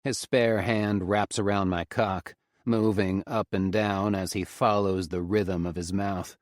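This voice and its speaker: A man reading a romance audiobook in the first person with a very deep voice. His delivery is low and intimate, in the steady manner of a storyteller. The close studio mic gives a dry sound with no room around it. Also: unhurried, dry recording. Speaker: audiobook narrator.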